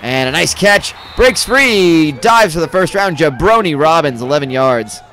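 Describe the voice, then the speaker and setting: A man with a higher-pitched, somewhat bright voice and lively intonation gives joking, rambling live commentary on a video game football match. He calls plays quickly and swears casually, with slight background noise audible.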